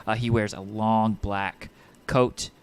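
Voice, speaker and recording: A man's voice: on the low side, flat delivery, takes it slowly, clean tone. A man running a tabletop game as game master, describing scenes in an easygoing way with filler words.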